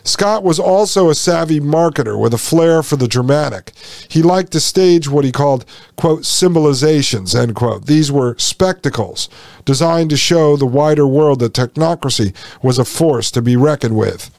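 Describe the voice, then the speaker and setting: A man's voice: fairly high pitch, moderate pace, gravelly, darkish tone, no room sound, clean studio sound. A man hosting a podcast, reading passages aloud and breaking off into folksy, sarcastic asides to his listeners. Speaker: podcast host.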